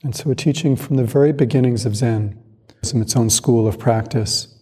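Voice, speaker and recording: Male Zen teacher, calm and measured dharma talk, husky mellow voice, long reverb of a hall. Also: medium pitch. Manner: calm, reflective, measured with pauses.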